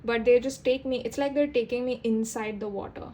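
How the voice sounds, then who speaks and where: A young woman doing a casual tarot reading, rambling and halting, often restarting her sentences. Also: fairly high pitch, steady tone, darkish tone, a little hiss or hum. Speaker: tarot reader.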